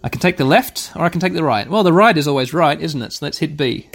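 A man's voice: on the high side, lively intonation, fast, creaky. A man playing a text adventure aloud, reading it out and adding casual, wry asides. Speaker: game player and host.

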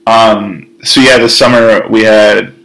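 Low, gravelly man with dry jokes. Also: fairly even intonation, takes it slowly, a bit bright, poor audio. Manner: dry, joking interjections. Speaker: co-host. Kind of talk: casual chat.

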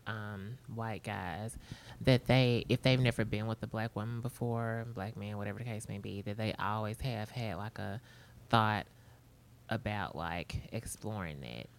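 Woman on a podcast, low-key and teasing, voice drops quiet at the ends. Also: a little slow, slight background noise. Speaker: podcast co-host. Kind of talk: casual chat.

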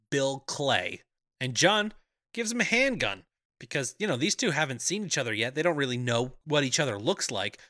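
A man's voice: medium pitch, sharp tone, no room sound, clean studio sound. A man co-hosting a podcast, chatting casually as he recaps a film, laughing often and acting out the characters' lines. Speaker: podcast co-host.

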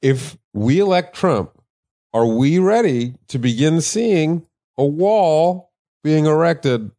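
A man's voice: on the high side, animated, takes it slowly, mellow, no echo, studio quality. A man co-hosting a podcast, mixing earnest political points with crude joking asides. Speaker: podcast co-host. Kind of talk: casual political banter.

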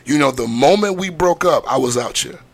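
A man's voice: a little high, expressive, a little fast, gravelly. A man co-hosting a podcast in crude, laughing casual chat, teasing the others. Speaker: podcast co-host.

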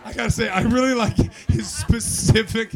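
A man from Canada doing stand-up crowd work on a club stage, brash and profane, mocking the audience with quick banter. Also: very high voice, steady tone, faint music behind. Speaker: stand-up comedian. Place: comedy club stage before a live audience. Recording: live club with loud crowd. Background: audience laughter.

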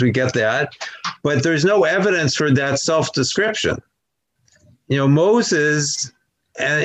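A man's voice: medium pitch, low-quality recording. A man in a group study discussing scripture, reflective with a wry touch.

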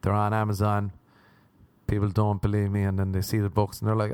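A man's voice: on the low side, monotone, fairly quick, a little mellow, clear, resonant tone, dry recording. A young Irish man, a stand-up comedian, rambling self-mockingly through a casual podcast outro.

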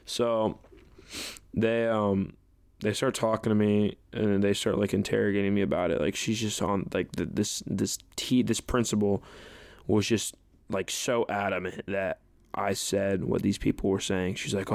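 With a fairly low voice that barely moves in pitch, a young podcast host tells a personal story a little slowly, with vocal fry. He rambles casually, full of restarts and fillers such as "like" and "you know." There's no echo.

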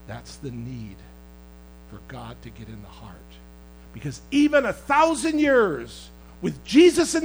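Man, sermon, animated delivery, conversational and teasing, rising to impassioned shouts. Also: mid-range voice, low-quality recording. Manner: impassioned, swings between loud outbursts and quiet asides. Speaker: pastor.

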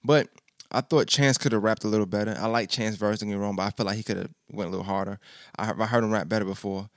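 A man with a lowish voice talks through an album review in loose, casual slang, stuttering and circling back on his words. The sound is dry and close, with no room around it. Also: fairly even intonation, quick pace, dry recording. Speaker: podcast host reviewing an album. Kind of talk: casual music review chat.

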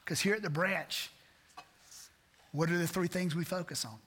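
A man's voice: high-pitched, moderate pace, fairly bright tone, husky. A man pastor preaching a sermon, earnest and repetitive, asking rhetorical questions. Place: church sanctuary. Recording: church hall reverb.

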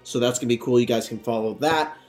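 A young man chats on a podcast, loose and rambling and quick to laugh. His voice sits at a middle pitch, and faint music plays under him. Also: a little mellow. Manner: laughs often, easily distracted, rambling. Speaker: podcast co-host. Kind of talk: casual podcast chat.

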